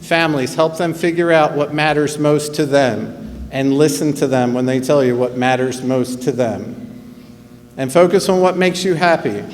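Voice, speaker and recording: A man in his fifties with a New Jersey accent, giving a graduation speech as school principal in an earnest, measured way with pauses. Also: on the high side. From New Jersey, USA. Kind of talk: commencement speech. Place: large auditorium or arena. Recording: long hall reverb, faint hum.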